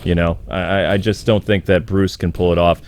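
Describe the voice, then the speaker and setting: A man hosting a casual comic book commentary video, animated and sarcastic, sounding exasperated as he riffs and jumps into quick character voices. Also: low-pitched, slight background noise.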